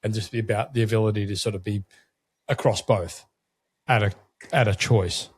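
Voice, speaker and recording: Low husky-voiced podcast host. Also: male voice, steady tone, moderate pace. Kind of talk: casual interview talk.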